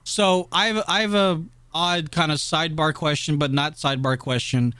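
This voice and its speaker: A man co-hosting a casual podcast, animated and teasing, who laughs often and jumps into squeaky voices when mimicking people. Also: moderate pace, smooth, no echo. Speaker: podcast co-host. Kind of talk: casual chat.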